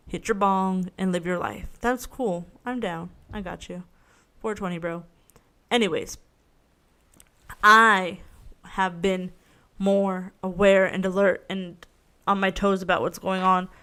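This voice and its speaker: A woman's voice: medium pitch, fairly even intonation, a little slow, fairly bright tone, clean tone. A woman hosting her own podcast in a casual solo rant, rambling, frank and swearing freely, often poking fun at herself. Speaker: podcast host.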